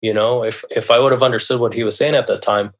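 A man telling a personal story as a podcast guest, speaking in a halting, earnest way and often restarting his phrases. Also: medium pitch, steady tone. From United States.

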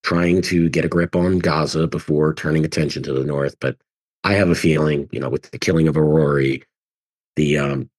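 A man hosting a podcast interview, talking through analysis with pauses as he thinks aloud. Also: rumbling low, steady tone, breathy edge. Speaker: podcast host. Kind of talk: conversational commentary.

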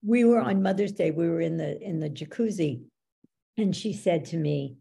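Gravelly, husky woman coach. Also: lowish voice, normal speed. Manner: animated storyteller, acts out quoted dialogue. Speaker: belief coach, podcast guest. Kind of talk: conversational teaching with anecdotes.

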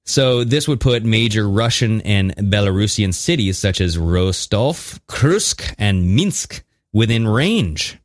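A man co-hosting a podcast in casual chat, talking in an animated, conspiratorial way as he reads out and reacts to news. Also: lowish voice, takes it slowly, no room sound, clean studio sound. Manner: animated, conspiratorial, mixes reading with jokes. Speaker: podcast co-host.

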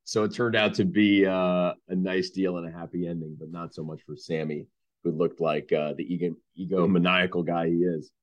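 A man's voice: normal speed, muffled recording. A man, a sportswriter guest, telling anecdotes and acting out the people he quotes. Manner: deep-voiced, animated, acts out quoted people. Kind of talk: anecdotal storytelling.

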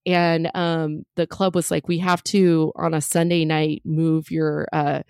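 A woman's voice: deep voice, level tone, a little slow, darkish tone, smooth, dry recording, clean studio sound. A woman comedian in her thirties telling a story as a podcast guest, chatty and full of fillers and jokey asides.

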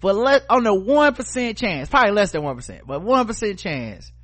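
High bright dude cracking jokes on a podcast, all over the place pitch-wise, cussing and laughing. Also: male voice, brisk. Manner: animated, profane, riffing and laughing. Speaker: podcast co-host. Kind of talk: casual comedic chat.

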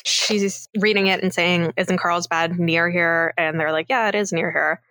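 Bright-voiced woman recapping a film. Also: lowish voice, steady tone, unhurried, dry recording. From Canada. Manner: retells scenes, acts out quoted lines, laughs often. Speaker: podcast co-host. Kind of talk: casual movie recap chat.

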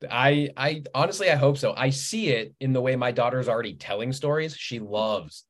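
A man in his thirties, a guest author chatting in an interview, telling anecdotes with lively acted-out quotes. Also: medium pitch, normal speed. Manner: animated storyteller, acts out quoted voices. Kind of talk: casual conversational interview.

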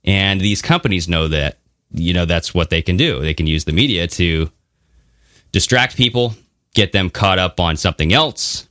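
Male podcast co-host, low and sharp-toned, animated casual delivery, dry studio sound. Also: moderate pace, dry recording. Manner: animated, swearing, mocking voices. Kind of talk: casual conversational podcast talk.

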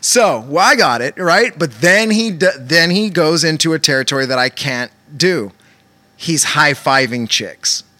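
A man chatting casually, telling a lively profane story with plenty of swearing. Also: a little high, unhurried. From Southern California. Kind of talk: casual chat.

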